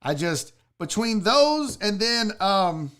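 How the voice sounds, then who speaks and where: A man's voice: high-pitched, sing-song, takes it slowly, fairly bright tone, smooth. A man hosting a casual show, telling a personal story and swearing now and then. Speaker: sports show host.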